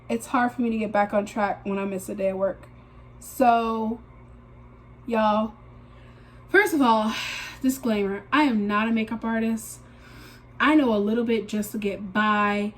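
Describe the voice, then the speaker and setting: Bubbly high-voiced woman vlogging. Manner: animated storytelling, acting out her own panicked quotes; uses y'all and filler likes. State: congested, recovering from a sinus infection. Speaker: beauty vlogger. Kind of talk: casual get-ready-with-me chat.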